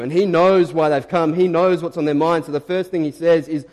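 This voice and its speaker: Animated male preacher in a reverberant church. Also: on the high side, a little fast. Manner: animated storytelling, acting out quotes. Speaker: pastor. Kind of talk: sermon.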